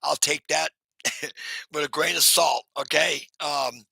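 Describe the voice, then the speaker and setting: A man chatting on a live stream in a heavily gravelly, sharply bright voice with a husky edge. He rambles through fillers and restarts, greets viewers by name and often laughs at himself. The sound is very dry. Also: fairly high pitch, steady tone, slow, no echo, rough recording. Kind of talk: casual live-stream chat.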